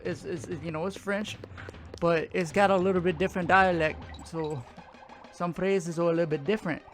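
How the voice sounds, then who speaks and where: Man, high voice, rambling, full of fillers, casual chat. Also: fairly even intonation, moderate pace. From Louisiana. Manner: rambling, filler-heavy, laughs often. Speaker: show co-host.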